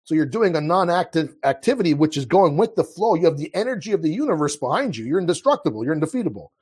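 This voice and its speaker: A man's voice: fairly high pitch, big pitch swings, quick pace, a little mellow, husky. A man speaking as a guest in a casual conversation, earnest and impassioned, often restarting his sentences. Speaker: podcast guest.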